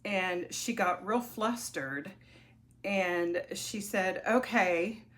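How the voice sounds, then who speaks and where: A woman's voice: lowish voice, drawn-out words, a bit bright. Chatty middle-aged woman vlogging. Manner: chatty and rambling, many ums and restarts. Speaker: crafting vlogger. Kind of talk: casual vlog storytelling.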